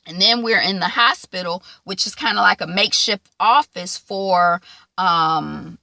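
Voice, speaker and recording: A woman casually recapping a TV episode, acting out the characters' lines in quick asides. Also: fairly low pitch, vocal fry, no room sound. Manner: animated, acts out quoted lines in quick asides. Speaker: TV show reviewer.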